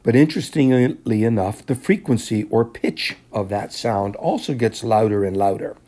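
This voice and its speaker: A man with a somewhat low, warm and mellow voice delivers a classroom lecture. He explains each point step by step in a measured way, pausing now and then to clear his throat. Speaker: teacher.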